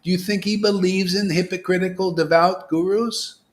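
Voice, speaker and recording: A man giving an informal devotional sermon, asking rhetorical questions, dropping to whispers and rising to loud exclamations, laughing now and then. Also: high voice, normal speed. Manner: animated, preachy, swings from hushed whispers to loud exclamations; asks rhetorical questions, laughs at his own jokes. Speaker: spiritual teacher.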